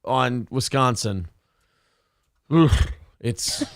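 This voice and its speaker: A man hosting a casual live-stream talk show, sarcastic and crude, reading out viewer donations and pitching for support. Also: expressive, very slow, dry recording, clean studio sound. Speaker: show host.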